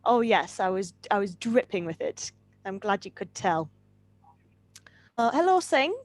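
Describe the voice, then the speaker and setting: A woman's voice: medium pitch, very animated, measured pace. A woman teaching an online English class on a video call, upbeat and teasing.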